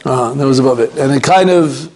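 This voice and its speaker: A man's voice: mid-range voice, fast, a little mellow. A man teaching a Torah class as a rabbi, rambling and digressing, sprinkling Hebrew and Yiddish terms and chatting with the class.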